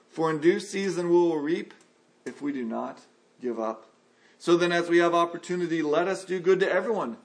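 In a fairly high, gravelly voice, a man delivers an earnest sermon and reads from scripture. Now and then his pitch leaps up as he acts out the complaints of a frustrated listener.

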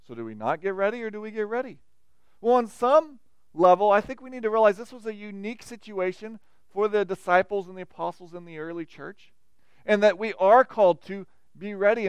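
A man's voice: sits high, a little fast, clear, resonant tone, no room sound. A man preaching a sermon, with dynamic emphasis and frequent questions to the listeners.

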